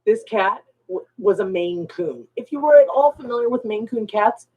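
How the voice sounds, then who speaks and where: A woman's voice: fairly high pitch, expressive, normal speed, phone-quality sound. A woman co-hosting a live show, chiming in on a shared story in a casual way. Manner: chimes in with interjections. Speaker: co-host.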